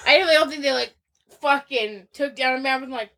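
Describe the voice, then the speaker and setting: A woman with a slightly high voice who rambles on in loose casual chat. She co-hosts a podcast and laughs often. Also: fast, a crowd in the background. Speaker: podcast co-host.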